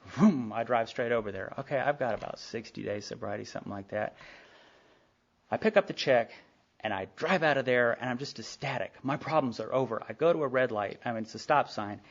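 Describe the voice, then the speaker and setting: A middle-aged man speaks to a recovery meeting with a gravelly edge in his voice. He tells his own story candidly and casually, full of asides. The sound is a dull, lo-fi tape of a live talk. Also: medium pitch, lively intonation, fairly quick. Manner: candid storytelling with frequent asides and acted-out dialogue. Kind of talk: personal recovery story told to a group.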